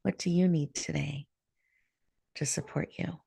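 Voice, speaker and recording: A woman hosting a show, leading listeners through a guided breathing meditation in a soft, soothing way over a video call. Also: sits low, fairly even intonation, vocal fry, breathy edge, no echo. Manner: soft, slow, soothing guidance. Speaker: host.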